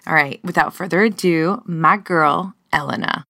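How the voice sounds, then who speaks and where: A woman's voice: on the low side, moderate pace, noisy background. A woman hosting a podcast in casual chat, effusive and gushing, swearing freely as she talks. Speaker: podcast host.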